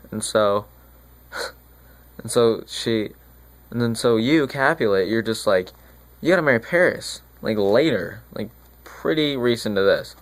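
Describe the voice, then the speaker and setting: A man playing a remorseful friar who retells a tragedy in casual modern slang, rambling and halting with restarts in a school monologue. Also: medium pitch, lightly acted. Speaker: student actor.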